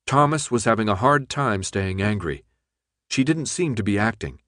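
This is scripted audiobook narration from a man with a lowish voice, delivered steadily and at a measured pace. The recording is dry and studio quality.

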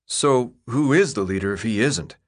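A man's voice: mid-range voice, animated, moderate pace, close to an everyday voice. A man voicing a new, uncertain teenage boy who asks earnest questions. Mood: puzzled.

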